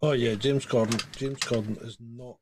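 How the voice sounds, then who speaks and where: A man's voice: medium pitch, steady tone, moderate pace, noisy background. A man co-hosting a podcast, chatting casually in a giggly, dry way. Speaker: podcast co-host.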